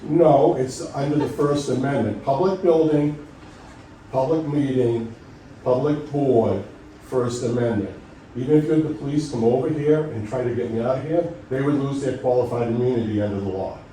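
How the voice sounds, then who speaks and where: A middle-aged man speaking insistently and argumentatively at a public meeting, his voice going hoarse. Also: mid-range voice, fast, few pauses, warm tone, a little hiss or hum. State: losing his voice. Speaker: resident speaking at public comment. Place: town meeting room. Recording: echoey room from far off.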